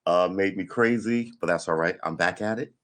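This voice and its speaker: Hoarse deep-voiced man chatting on a stream. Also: normal speed. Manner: chatty, rambling storyteller who laughs at himself. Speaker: live-stream host. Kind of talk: casual morning live-stream chat.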